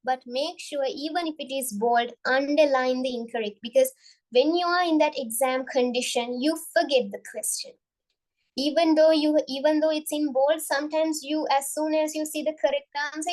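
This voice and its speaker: A woman's voice: sits high, low-quality recording. A young woman giving a biology revision lesson, often repeating and restarting her phrases. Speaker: biology tutor.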